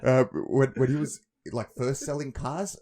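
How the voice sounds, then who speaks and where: A man's voice: mid-range voice, unhurried. A young man in casual chat, telling stories with swearing and acted-out quotes. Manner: animated, swearing, acts out quoted voices.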